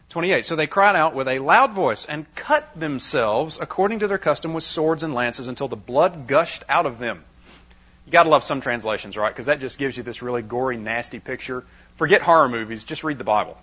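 A man's voice: on the high side, a bit bright, husky, low-quality recording. A man preaching a Bible-teaching sermon to a live audience, dramatizing the scripture with wry asides.

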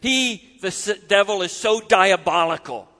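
A man preaching a sermon, expressive and animated. He acts out voices and sometimes drops suddenly quiet. His voice is high-pitched and ringing bright, carried by the long reverb of a big hall. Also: unhurried.

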